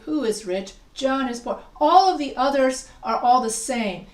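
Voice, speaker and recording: A woman's voice: on the high side, echoey room, far from the mic. A woman writing instructor lecturing over a video call, explaining patiently and repeating example sentences for emphasis. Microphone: video call microphone.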